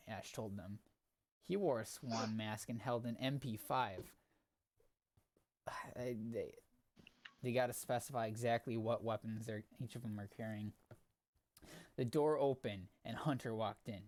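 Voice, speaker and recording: A man's voice: medium pitch, moderate pace. A man reading fan fiction aloud with sardonic asides, often stumbling over the text. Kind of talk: comedic dramatic reading with asides.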